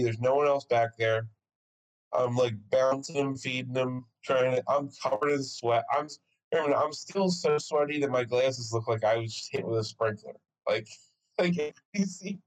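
Animated young man telling a story. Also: mid-range voice, poor audio. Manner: animated, swearing, laughs often. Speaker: podcast co-host. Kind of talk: casual storytelling chat.

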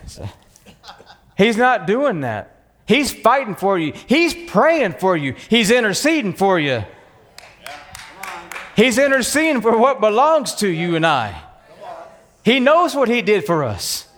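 A Texan man preaches in a high, ringing voice, full of fire and conviction. His words carry a long echo through a church hall. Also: very animated, unhurried, fairly bright tone. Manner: passionate, fiery preaching. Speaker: pastor. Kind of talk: sermon.

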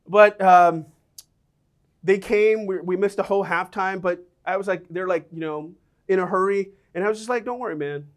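A middle-aged man preaching a sermon, telling personal stories with lively, animated delivery and voicing the people in them. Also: high voice, moderate pace. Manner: animated storytelling, acts out quoted voices.

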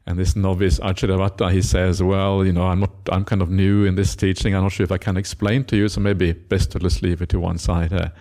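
A monk giving a Buddhist dharma talk, retelling a scripture story with many "uh" fillers and acted-out quotes. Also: male voice, deep voice, level tone, brisk, hardly any pauses, warm tone.

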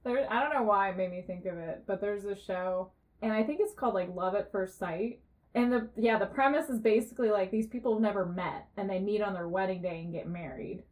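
A young woman co-hosting a podcast, telling a story in a casual, animated way, full of "like" and laughter. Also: mid-range voice, fairly quick. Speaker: podcast co-host. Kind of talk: casual chat.

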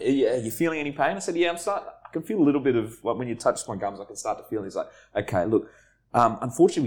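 Aussie bloke hosting a podcast, mid pitch, swears a lot, acts out everyone in his stories. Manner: animated, swears freely, acts out other people's lines. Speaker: podcast host. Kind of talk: casual storytelling chat.

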